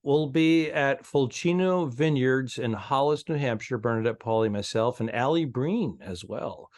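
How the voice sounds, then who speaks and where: A man's voice: mid-range voice, measured pace. A man co-hosting a comedy podcast, telling stories in loose, profane casual chat. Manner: storytelling, swearing, animated. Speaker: podcast co-host.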